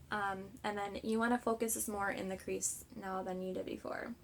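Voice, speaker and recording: A woman with a congested, runny nose, chattering her way through a makeup tutorial with lots of "like" and quick apologies. She is filming at home on her phone in front of a mirror. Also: medium pitch, flat delivery. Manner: chatty, apologetic, filler-heavy with "like". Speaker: beauty vlogger. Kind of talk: casual makeup tutorial chat. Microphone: phone camera. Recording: home phone video with heater noise. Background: central heating hum.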